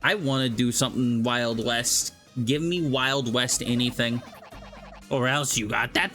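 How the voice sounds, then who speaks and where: A man's voice: mid-range voice, a little slow, bright, forceful tone, faint music behind. A man streaming a video game, chatting casually and joking between lines. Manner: joking, laughing easily. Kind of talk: casual chat while playing a game.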